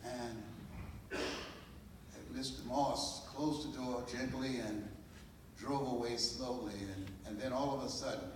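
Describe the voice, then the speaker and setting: Older motivational speaker, dramatic, echoing hall. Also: male voice, mid-range voice, fairly even intonation, slow pace, a little hiss or hum. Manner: dramatic storytelling, preacher-like cadence, building emphasis. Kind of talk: live inspirational speech. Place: large hall with a live audience. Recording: echoey hall from far off.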